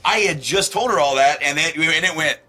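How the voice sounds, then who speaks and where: A man's voice: a little high, moderate pace, sharp tone, a little hiss or hum. A man on a podcast telling a long story in casual chat, acting out the quotes and laughing at them. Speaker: podcast host.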